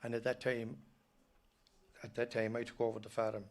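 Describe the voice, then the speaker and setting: An Irish dairy farmer giving an earnest, halting personal talk at a live event, often stopping to restart his sentences. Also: mid-range voice, flat delivery, creaky. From Ireland. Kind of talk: personal storytelling speech.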